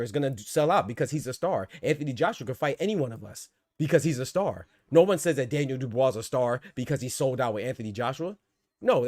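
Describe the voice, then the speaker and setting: A man's voice: medium pitch, a little mellow, no room sound. A man ranting in live boxing commentary, heated and slangy, often repeating words. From United States.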